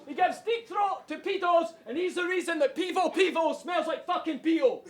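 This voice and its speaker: Mocking high-voiced Scottish battle rapper. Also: male voice, moderate pace. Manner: mocking, laughing, shouting punchlines. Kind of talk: rap battle verses over crowd. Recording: echoey venue, loud crowd and noise.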